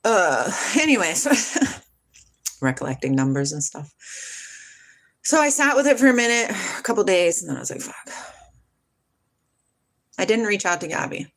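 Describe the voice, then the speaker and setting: A woman's voice: lowish voice, sing-song, moderate pace, long pauses, a bit bright. A woman telling a personal story to her live chat, rambling and emotional, swearing, losing her train of thought and starting over.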